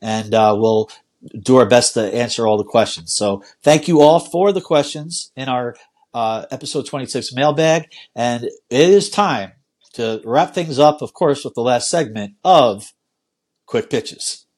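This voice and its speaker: Male podcast host, casual chat, mid-pitched voice, easygoing, restarts sentences. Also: darkish tone. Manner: easygoing, quick laughs, frequent restarts.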